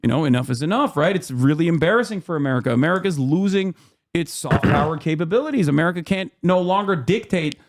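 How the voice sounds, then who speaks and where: Male streamer host, casual commentary, emphatic, swears a lot, slightly higher pitch. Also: expressive, fast. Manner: heated, swearing, emphatic rants.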